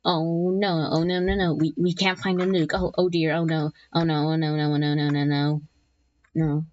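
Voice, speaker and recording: A woman's voice: low-pitched, level tone, normal speed, a little mellow, natural voice. A woman doing a frantic, panicking country. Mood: panicked. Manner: repeating panicked "oh no" babble. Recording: dull lo-fi recording.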